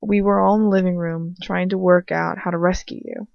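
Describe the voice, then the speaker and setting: A woman reading aloud and voicing an earnest young male wizard in a plain lowered voice, a loyal friend. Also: little pitch movement, a little fast, gravelly, dry recording, highs cut off. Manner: reads him in a lowered, plain voice.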